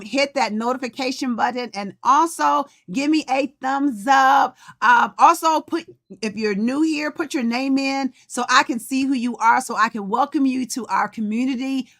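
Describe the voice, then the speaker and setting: A woman's voice: a little high, a bit bright. A middle-aged woman hosting a podcast livestream in casual chat, greeting viewers by name. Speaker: podcast host and coach.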